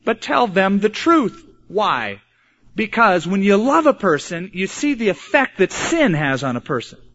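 A man's voice: high voice, sing-song, a bit bright. Earnest preacher man, lo-fi recording. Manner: earnest preaching with sudden emphatic slowdowns. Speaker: pastor. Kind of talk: sermon. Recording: dull lo-fi sermon recording.

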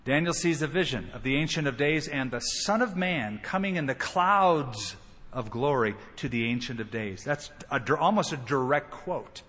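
A man's voice: medium pitch, moderate pace, slightly rough. A man preaching a sermon, acting out the quoted lines as he retells the story. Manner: expressive, acts out quoted lines. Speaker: pastor. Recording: long hall reverb.

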